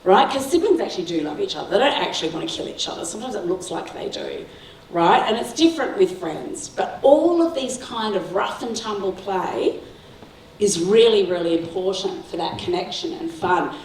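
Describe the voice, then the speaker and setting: In a school hall with echo and slight background noise, a distant mic records a middle-aged Sri Lankan guest speaker talking to parents. She has a mid-range voice with lively intonation and a moderate pace, and she tells stories warmly, laughing often and checking in with "right?".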